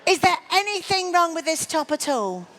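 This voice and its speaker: Comic stage magician: woman, high voice, flirty teasing patter. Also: big pitch swings, normal speed, bright, forceful tone. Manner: teasing and flirty, calls the volunteer darling. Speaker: comedy magician. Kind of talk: stage comedy patter with a volunteer.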